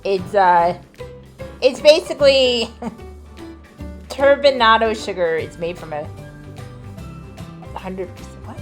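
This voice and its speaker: A woman vlogger talking casually to camera, chatty and playful, laughing often and drifting into soft asides. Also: mid-range voice, expressive, slow pace, long pauses, over music.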